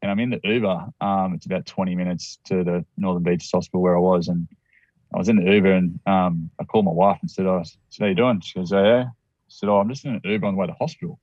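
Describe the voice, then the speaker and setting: A man's voice: low voice, steady tone, quick pace, darkish tone, dry recording, dull audio. An Australian man telling a personal story as a guest, rambling with restarts and acted-out quotes.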